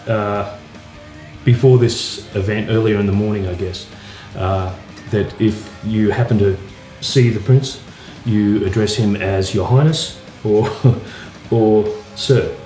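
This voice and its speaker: A man, a guitarist telling anecdotes in a relaxed, casual way with plenty of fillers. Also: lowish voice, takes it slowly. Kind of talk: casual interview storytelling. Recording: roomy echo, faint music.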